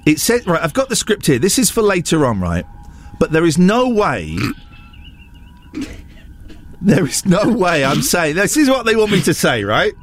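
Animated radio host, lively pitch. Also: male voice, measured pace, long pauses, faint music behind. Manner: animated, mock-outraged and teasing. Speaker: radio breakfast show host. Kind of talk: casual on-air banter.

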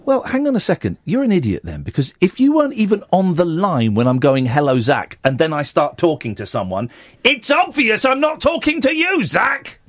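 Lively, teasing male radio host. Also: sits high, dry recording. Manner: incredulous, teasing, quick to joke. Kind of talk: late-night radio phone-in chat. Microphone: studio microphone.

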